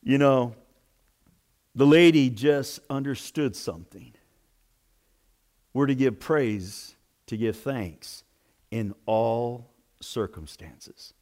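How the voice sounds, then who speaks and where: A man's voice: mid-range voice, slow, long pauses, darkish tone. A man, a pastor, delivering a sermon with dramatic storytelling.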